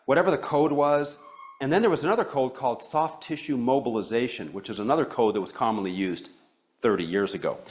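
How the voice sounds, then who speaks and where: A middle-aged man coaching a live training seminar. He talks in an animated way, keeps checking in with "okay?", and fires questions at the room. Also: mid-range voice. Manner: asks the room questions and calls on listeners. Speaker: practice coach.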